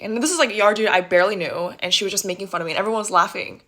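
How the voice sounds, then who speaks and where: A young woman from the United States, softly and reflectively telling a personal story in a casual vlog, with lots of filler words. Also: mid-range voice, very fast, a little hiss or hum. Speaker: vlogger.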